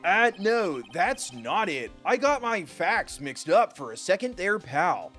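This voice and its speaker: A man voicing a bumbling police detective in a blustery, gruff way, reading game dialogue. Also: high-pitched, sing-song, takes it slowly, fairly bright tone, soft background music, full character voice. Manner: blustery, calls people pal.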